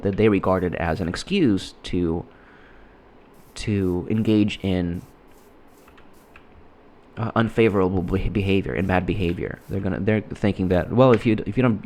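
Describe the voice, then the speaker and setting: A man giving casual, rambling commentary while playing a game, halting and restarting his sentences often. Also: sits low, a little mellow. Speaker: gameplay commentator.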